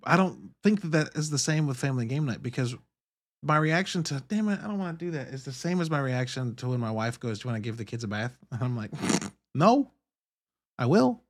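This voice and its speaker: A man in his thirties hosting a podcast, talking in a candid, profane, animated monologue. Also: medium pitch, fast talker. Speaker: podcast host. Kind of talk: casual monologue.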